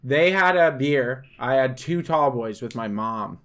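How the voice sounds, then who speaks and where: A man's voice: mid-range voice, animated, a little slow. A young man co-hosting a podcast, telling drinking stories in a rambling, profane, casual way. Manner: rambling, profane storytelling that grows loud and laughing. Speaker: podcast co-host. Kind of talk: casual chat.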